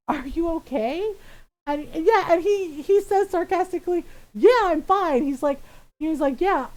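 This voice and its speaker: A woman streamer with a bright, high voice talks casually while she plays. She laughs often and mimics the people in her stories in animated bursts. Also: poor audio. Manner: animated, acts out family members' voices. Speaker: live-streamer. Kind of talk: casual chat while gaming.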